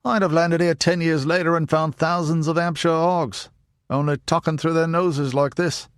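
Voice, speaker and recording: Hordle, a man doing a gruff teasing ranger. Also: on the high side, fairly even intonation, normal speed, dry recording, clean studio sound, pitched above the performer's own voice, close to an everyday voice. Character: big burly older English ranger, wry joker.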